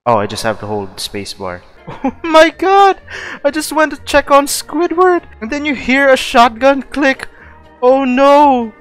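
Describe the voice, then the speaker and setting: A young man giving excitable let's play commentary who laughs often and swears. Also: extremely high pitch, measured pace, soft background music. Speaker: gaming streamer.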